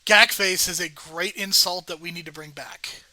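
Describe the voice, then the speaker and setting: A man co-hosting a movie review podcast, talking in a measured, analytical way as he scores films. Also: sits high, steady tone, pushed and bright, no echo, rough recording. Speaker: podcast co-host. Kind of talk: casual movie review chat.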